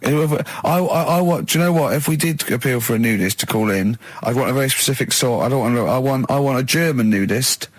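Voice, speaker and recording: A man's voice: medium pitch, quick pace, hardly any pauses, no echo. A man co-hosting a radio show, arguing and joking in casual banter. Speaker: radio co-host. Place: radio studio.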